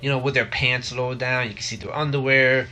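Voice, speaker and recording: Young male vlogger, rambling and casual, bright close-mic voice. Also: medium pitch, little pitch movement, fairly quick, slight background noise. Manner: rambling, many fillers and restarts. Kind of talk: casual vlog talk. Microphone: close desk mic.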